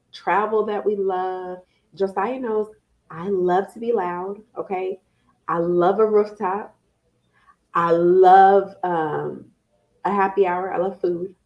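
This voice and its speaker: Lively woman giving parenting tips. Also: fairly low pitch, muffled recording. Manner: lively, conversational, playful asides. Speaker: parenting educator. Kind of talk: live-stream talk to viewers.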